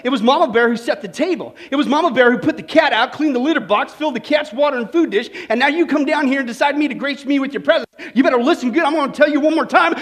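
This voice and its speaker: A man's voice: very high voice, a bit bright. A man voicing an exasperated mother bear from a storybook, ranting about all her chores. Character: fed-up shrill mother bear.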